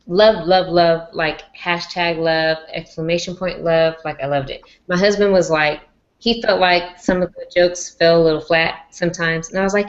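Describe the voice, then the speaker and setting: A woman's voice: lowish voice, steady tone, moderate pace. A woman guest on a live chat, talking casually and gushing with lots of "like" fillers. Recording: dull lo-fi stream audio.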